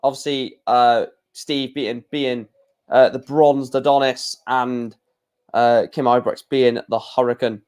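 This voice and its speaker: A man's voice: medium pitch, flat delivery, slow pace, a little mellow, clear, resonant tone. A young man hosting a casual live stream, chatting in a rambling way and often correcting himself.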